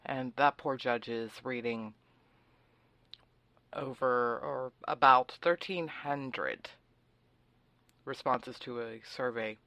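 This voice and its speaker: A woman's voice: rumbling low, takes it slowly, pauses often, fairly bright tone, no echo. Sarcastic woman talk radio host, dry sound. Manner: sarcastic, facetious; opinionated, conversational. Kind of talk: political talk radio monologue.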